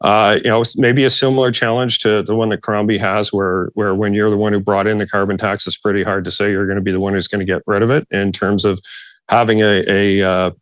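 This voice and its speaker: A man talking politics on a casual panel podcast, halting and restarting often, laughing at himself. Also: on the low side, flat delivery, no room sound.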